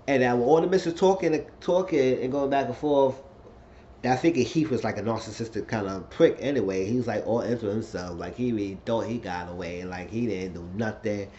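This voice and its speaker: Casual lower-voiced man recapping a show. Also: a little fast. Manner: rambling, excitable retelling. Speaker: TV episode reviewer. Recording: slightly dull lo-fi recording, faint noise.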